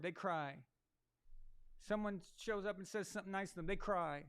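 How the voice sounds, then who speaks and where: A man's voice: sits high, normal speed, fairly bright tone, clean tone. A man hosting a live sports stream, ranting crudely and mockingly while he watches a game. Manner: mocking, sarcastic asides. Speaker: sports livestream host.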